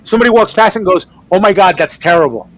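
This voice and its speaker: High-voiced man telling lively stories. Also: fast, no room sound, low-quality recording. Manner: animated storyteller who acts out quoted voices; swears freely. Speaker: artist on a team panel show. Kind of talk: casual storytelling chat.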